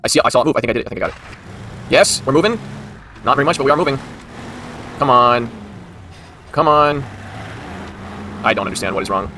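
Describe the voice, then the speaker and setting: Bright-voiced exasperated male gamer. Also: mid-range voice, fast talker, long pauses, slight background noise. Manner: exasperated, talks to the game, frequent outbursts. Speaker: gaming video host. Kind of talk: casual gameplay commentary.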